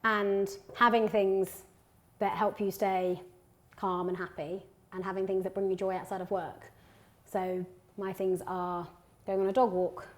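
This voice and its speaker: A woman's voice: medium pitch, level tone. Chatty woman cooking and talking. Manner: chatty, upbeat, quick asides. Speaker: guest, company founder. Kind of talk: casual chat while cooking. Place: home kitchen.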